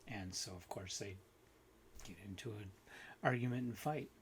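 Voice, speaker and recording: A man hosting a book video, giving an unhurried, critical review with frequent restarts and fillers. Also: lowish voice, a little hiss or hum.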